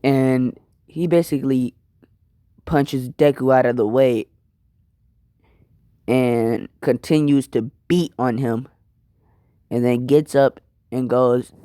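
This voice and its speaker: Casual young male storyteller, unhurried, filler-heavy, dry recording. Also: mid-range voice, dark tone, clear, resonant tone, no room sound. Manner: rambling, filler-heavy, apologetic asides. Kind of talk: casual spoken fan-fiction retelling.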